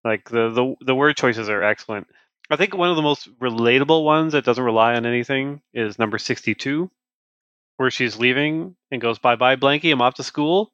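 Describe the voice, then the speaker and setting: A man co-hosting a comics podcast in casual chat, animated, acting out lines in voices. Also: medium pitch, moderate pace, no room sound, muffled recording. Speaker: podcast co-host.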